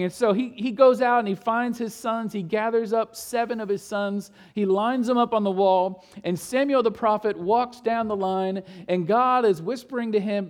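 A man preaching a sermon in a conversational storytelling way, asking the congregation rhetorical questions and moving between hushed and emphatic delivery. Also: high voice, normal speed. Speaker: pastor.

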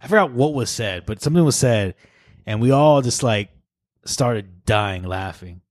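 A young man with a mid-range voice, recorded close and dry, on a casual podcast. He talks in a relaxed, unhurried way, pausing on "uh" as he thinks back. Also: mid-range voice, dry recording. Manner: relaxed, reflective storyteller with fillers. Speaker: podcast co-host. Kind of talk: casual chat.

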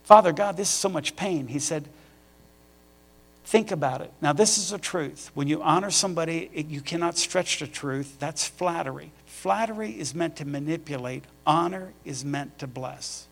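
A middle-aged man preaches a sermon, telling personal stories from the pulpit. His voice sits a little high and has a gravelly edge, and he builds to animated emphasis. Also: moderate pace. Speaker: pastor.

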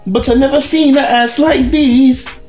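A man's voice: extremely high pitch, fairly even intonation, unhurried, a little mellow, roomy sound, soft background music, pitched above the performer's own voice. A man putting on a swaggering Jamaican accent as a joke during a podcast. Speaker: podcast co-host.

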